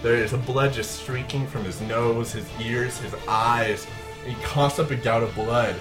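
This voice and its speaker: A man's voice: mid-range voice, fairly even intonation, measured pace, music in the background. A man narrating a tabletop game as game master, in vivid, gory detail.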